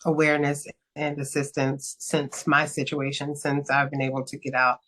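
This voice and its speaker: A young adult woman talks as a guest on a casual podcast. Her voice sits a little low, and she speaks earnestly and reflectively, pausing on fillers. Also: completely flat delivery, fairly bright tone. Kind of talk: casual interview chat.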